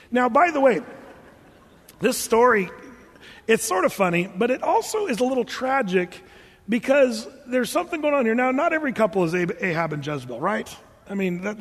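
A man's voice: sits high, long reverb tail. A man preaching a sermon, telling the story with humor and acting out the characters. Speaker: pastor.

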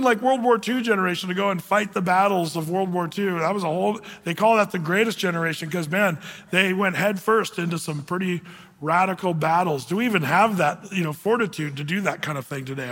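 A man preaching a conversational sermon, with many fillers and slow scripture readings. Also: sits high, fairly bright tone, in a large hall. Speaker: pastor.

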